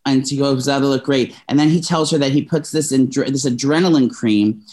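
A young man co-hosting a casual podcast tells a long personal story, rambling and restarting often while sounding openly emotional. His voice is at an ordinary middle pitch, a little mellow, and his delivery is brisk.

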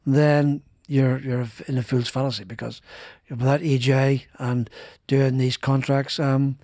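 A man's voice: medium pitch, level tone, a little slow, warm tone. A middle-aged British man tells his racing stories in a loose, rambling way, with many restarts. He acts out the people he quotes. The sound is dry and close, with no room echo. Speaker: former racing driver guest. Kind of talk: podcast interview, anecdotal storytelling.

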